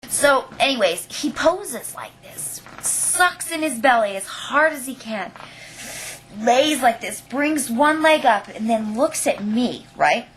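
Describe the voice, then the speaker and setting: A woman's voice: a little high, slow. A young woman telling a funny personal story in a casual vlog, acting it out dramatically and often checking in with "okay?". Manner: animated, dramatic retelling with lots of "like" and "okay?". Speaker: vlogger.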